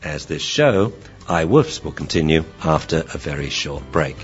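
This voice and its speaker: A man's voice: a bass voice, lively intonation, moderate pace, dull audio, soft background music. A man who trains dogs, hosting a radio talk show and explaining with acted-out examples.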